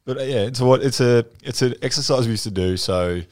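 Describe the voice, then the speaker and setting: A man's voice: mid-range voice, fairly quick, darkish tone, no room sound, clean studio sound. An Australian man, a guest in a casual chat, telling a story with easy hesitations. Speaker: guest footballer.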